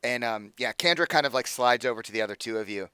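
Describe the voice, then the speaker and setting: A man's voice: mid-range voice, fast talker, pushed and bright, clear, resonant tone, no room sound. A man narrating as game master in a tabletop game, talking in a casual, rambling way full of fillers.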